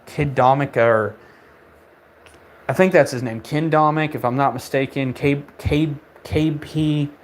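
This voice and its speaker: A young man at middle pitch rants in a casual monologue, heavy with swearing and open contempt. He rambles, stammers and restarts his sentences while his anger builds. His voice sits in an ordinary register, neither deep nor high. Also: slight background noise. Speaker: podcast host.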